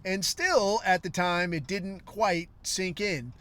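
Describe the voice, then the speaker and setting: A man's voice: high-pitched, takes it slowly, a bit bright, no echo. A man in his forties, a podcast host, telling a long profane story in a rambling, wry way. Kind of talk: casual storytelling monologue.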